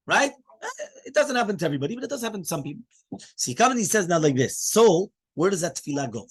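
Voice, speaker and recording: A man, a rabbi, giving a lively Torah class in English mixed with Hebrew terms. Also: sits high, fast talker, breathy edge. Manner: animated teaching, mixing English with Hebrew terms.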